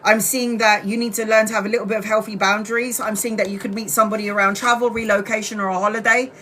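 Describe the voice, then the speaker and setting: A woman's voice: mid-range voice, little pitch movement, fast, a bit bright, slight background noise. A woman doing a casual live-stream tarot reading, blunt and chatty, with the odd swear word. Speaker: tarot reader.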